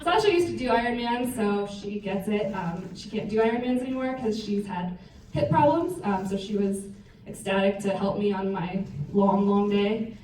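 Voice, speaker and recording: Lively woman telling a story in a roomy hall. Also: mid-range voice, normal speed, hardly any pauses, slight background noise. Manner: lively, self-mocking storyteller. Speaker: retreat speaker. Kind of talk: personal story talk to an audience. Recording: roomy hall, voice picked up from a distance.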